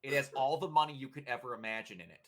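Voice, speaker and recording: A man's voice: mid-range voice, lively intonation, racing, slight background noise. A man co-hosting a gaming podcast in casual chat, enthusiastic and profane, stumbling over restarts. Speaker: podcast co-host.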